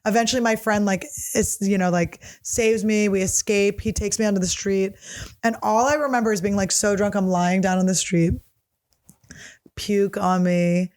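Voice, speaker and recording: A woman's voice: medium pitch, steady tone, normal speed. A woman in her thirties hosting a podcast, telling a comic story in a loose, rambling, profane way with lots of fillers. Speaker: podcast host. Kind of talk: casual comedic storytelling.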